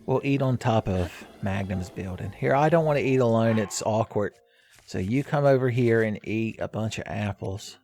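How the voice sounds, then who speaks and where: A man's voice: on the low side, moderate pace, darkish tone, faint music behind. A man hosting a let's play, rambling through casual game commentary with jokey, crude humor.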